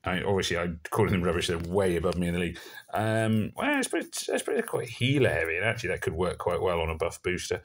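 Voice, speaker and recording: Low-voiced rambling Somerset man. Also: sing-song, fast talker, a little hiss or hum. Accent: Somerset English. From Somerset, England. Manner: rambling and self-deprecating, with many fillers. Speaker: gaming video creator. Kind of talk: casual gameplay commentary.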